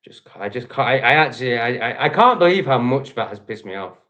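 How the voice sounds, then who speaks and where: A man's voice: medium pitch, lively intonation, brisk, sharp tone. Profane ranting English man. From England. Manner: profane, heated, repetitive ranting. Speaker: livestream host. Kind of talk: angry livestream rant.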